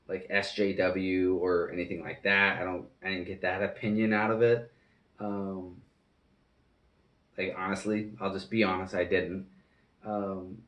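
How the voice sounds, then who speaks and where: A man's voice: deep voice, a bit bright, reverberant, distant mic. A man giving an earnest, rambling, casual reaction to a film as a movie reviewer.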